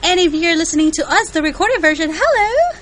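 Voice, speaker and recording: Giggly high bright-voiced woman. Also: fast. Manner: giggly, chatty, laughs often. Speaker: podcast co-host. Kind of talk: casual fan podcast chat.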